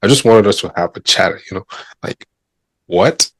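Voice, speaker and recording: A man's voice: lowish voice, normal speed, dry recording. A man co-hosting a podcast in casual chat, joking and laughing often. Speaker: podcast co-host.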